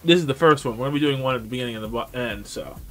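A man's voice: mid-range voice, very fast, a bit bright, faint music behind. A man streaming a game live, chatting casually and greeting viewers by name as he plays. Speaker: gaming streamer. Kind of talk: live gameplay commentary.

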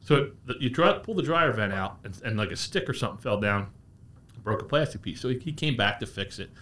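A man's voice: lowish voice, lively intonation, fairly quick, a bit bright. A male guest on a podcast who represents a brand and tells casual, rambling anecdotes, often repeating words. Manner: storytelling, repeats words, chuckles at his own stories.

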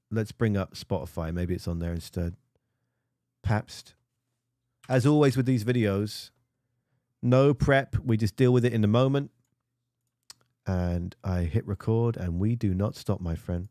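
Guy chatting loosely over band videos, jokes at himself, kinda low voice, very dry close mic. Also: measured pace, warm tone, no room sound. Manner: rambling and self-mocking. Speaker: music video reviewer. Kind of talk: casual screen-share commentary.

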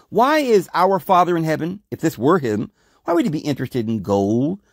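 A man hosting a podcast, reading scripture aloud and commenting on it with animated rhetorical questions. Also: a little high, normal speed, vocal fry, dry recording, studio quality. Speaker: podcast host.

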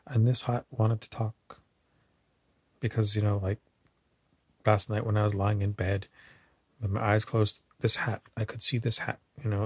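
Husky low-voiced man rambling. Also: darkish tone, no echo. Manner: meandering, digressive storytelling. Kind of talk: rambling monologue to camera.

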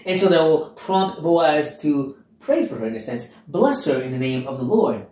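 A man giving an expository Bible lesson, emphatic and animated, often asking listeners rhetorical questions. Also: fairly high pitch, moderate pace, roomy sound, poor audio. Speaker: Bible teacher.

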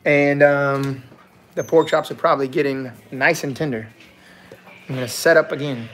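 A man's voice: medium pitch, steady tone, normal speed, fairly bright tone. A man from Louisiana with a blended Cajun and New Orleans accent, chatting casually and rambling as he hosts a live cooking stream. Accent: Louisiana Cajun, mixed with New Orleans. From Louisiana, USA. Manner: rambling, chatty, many restarts and fillers. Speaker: cooking livestream host. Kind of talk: casual chat on a livestream.

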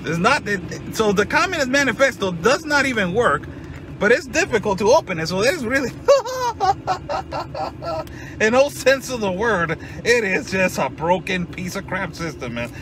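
A man in a sarcastic vlog monologue, mocking and loudly mock-excited. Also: high-pitched, measured pace, background noise. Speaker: vlogger.

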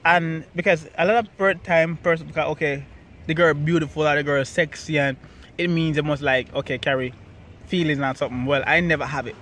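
A young Jamaican man casually telling the story of how he met his partner, animated and jumping high when he quotes himself. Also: brisk, slight background noise. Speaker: vlog co-host telling a couple's story.

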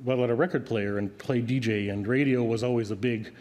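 A middle-aged man who grew up speaking Ukrainian, giving an earnest acceptance speech with halting fillers. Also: mid-range voice, steady tone, darkish tone. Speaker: award recipient, radio broadcaster. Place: large banquet hall. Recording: long hall reverb.

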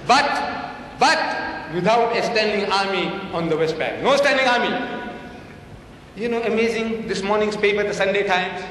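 A man's voice: sits high, fairly bright tone, far from the mic, a little hiss or hum. An older man giving an emphatic public debate speech, quoting and mocking his opponent. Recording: echoey hall recorded from afar.

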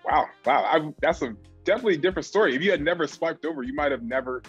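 A man hosting a casual interview, reacting quickly and laughing along. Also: a little high, animated, dull audio, loud music behind the voice. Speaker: interview host.

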